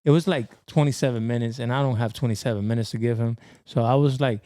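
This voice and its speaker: A man's voice: medium pitch, steady tone, fast, warm tone, no room sound, clean studio sound. A young man co-hosting a podcast in casual, slangy chat, laughing often. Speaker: podcast co-host.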